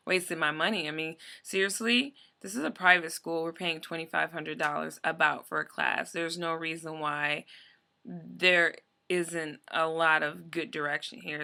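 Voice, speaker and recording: A woman's voice: sits low, vocal fry, bright, forceful tone, clear, resonant tone. A young adult woman ranting in a casual vlog, telling a story in a rambling, exasperated way with lots of fillers. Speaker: vlogger.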